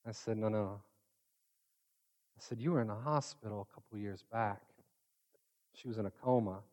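A man preaching a sermon, telling a personal story in a conversational way and acting out the voices he quotes. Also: high-pitched. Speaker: pastor.

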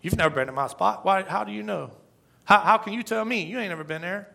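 A man's voice: sits high, fast, vocal fry, pushed and bright. A middle-aged man preaching a sermon as pastor, emphatic, repeating phrases and asking the congregation rhetorical questions.

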